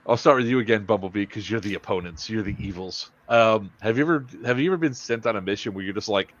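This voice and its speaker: A man with a low voice hosts a loose, casual chat. He rambles and stalls, full of fillers and restarts. The audio sounds dull and lo-fi. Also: fast. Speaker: podcast host.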